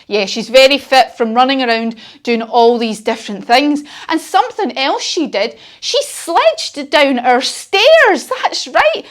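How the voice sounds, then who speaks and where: A woman leading a children's yoga class, telling a playful story and cheering the kids on. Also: high voice. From United Kingdom.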